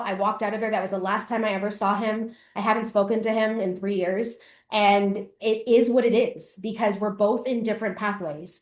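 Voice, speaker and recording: With a voice on the high side, a middle-aged Canadian woman who coaches and hosts a podcast recounts a personal story at a live masterclass. The room is echoey, and she speaks openly, swears freely and dramatizes her past self.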